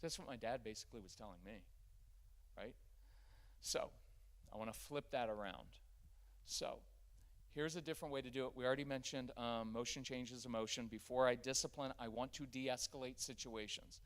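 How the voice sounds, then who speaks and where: A man's voice: mid-range voice, moderate pace. A man giving a live parenting workshop in a church, talking straight to his audience and acting out what parents and kids say. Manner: animated, acts out quoted parents and kids.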